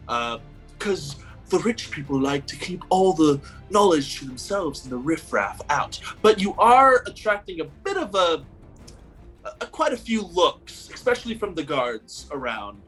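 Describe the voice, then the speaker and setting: A man narrating as game master of a tabletop game, relaxed and hesitant with many fillers. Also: a little high.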